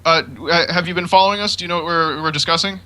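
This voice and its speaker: A man's voice: fairly high pitch, rapid-fire, bright, forceful tone, rough recording. A man hosting an online panel show, hesitant and full of "uh" fillers as he speaks into a computer mic. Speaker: host.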